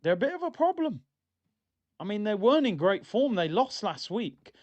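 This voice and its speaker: Rambling streamer, higher-pitched man, lo-fi stream sound. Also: moderate pace. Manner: excitable, rambling, jokey football fan. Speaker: streamer hosting a football watchalong. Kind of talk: live fan chat, casual banter. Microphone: streaming mic. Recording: dull lo-fi stream audio.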